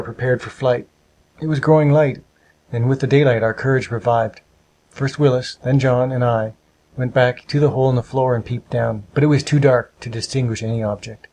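A man narrating a storybook with a steady, measured reading. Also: mid-range voice, a little hiss or hum, low-quality recording.

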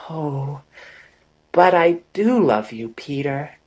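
A man voicing a dreamy young actress who speaks softly and drowsily. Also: a little high, expressive, slow, heavily acted. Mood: adoring. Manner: soft, drowsy, breathy delivery.

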